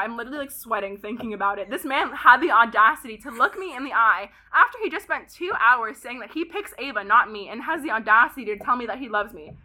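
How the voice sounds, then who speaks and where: A young woman of about twenty from Pasadena, California, guests on a podcast and tells a story with heavy drama. Her voice is very bright and pitched a little high. She piles on "like" and swears freely as she talks. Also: quick pace, few pauses. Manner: dramatic, animated retelling, heavy use of "like" and swearing. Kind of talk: casual storytelling chat.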